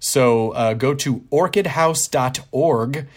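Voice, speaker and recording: A male podcast host talks through his show in a loose, joking way, padding his sentences with filler words and wry asides about himself. His voice sits at an ordinary middle pitch. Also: slow pace. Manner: chatty and jokey, frequent filler words, loose self-deprecating asides. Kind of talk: casual podcast monologue with listener mail and ad read.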